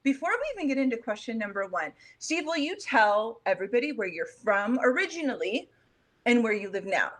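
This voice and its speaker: A woman in her forties hosts a relaxed interview with a bright, slightly high voice. She talks in a bubbly, giggly way and pokes fun at herself. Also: brisk. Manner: bubbly, giggly and self-teasing. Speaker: podcast host. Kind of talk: casual video interview.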